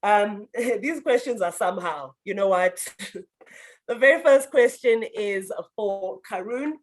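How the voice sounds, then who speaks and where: A woman's voice: medium pitch, slow. A woman hosting an online Q&A, out of breath and bubbly, laughing between questions. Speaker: moderator of an online youth talk. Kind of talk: lively hosted Q&A.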